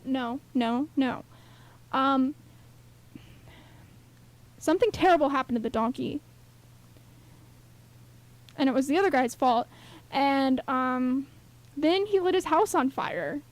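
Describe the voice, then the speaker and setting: A young woman co-hosting a radio show, talking in an animated, rambling way full of fillers. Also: high voice, unhurried, pauses often. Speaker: radio co-host. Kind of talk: casual radio chat.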